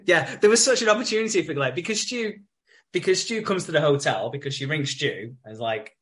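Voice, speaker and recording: A man's voice: on the high side, expressive, fairly quick, fairly bright tone. A man co-hosting a podcast, rambling through a soap recap in casual chat with many fillers and swearing. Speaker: podcast co-host.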